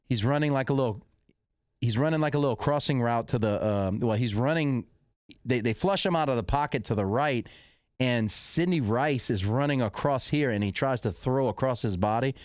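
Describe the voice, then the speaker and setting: A middle-aged man, hosting a podcast, rambling and correcting himself as he excitedly recounts a football game. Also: medium pitch, moderate pace, no echo, studio quality. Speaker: podcast host. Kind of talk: casual storytelling.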